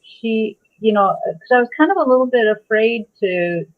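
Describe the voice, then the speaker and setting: A woman medium describing spirit impressions, halting and searching for her words. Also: on the high side, animated. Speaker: psychic medium guest. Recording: tinny phone-like line.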